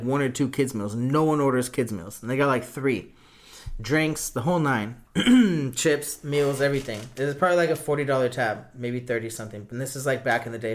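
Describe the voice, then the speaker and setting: A young man, a podcast co-host, telling rambling work anecdotes in casual slang. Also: mid-range voice. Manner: rambling anecdotes, says bruh and dude. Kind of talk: casual chat.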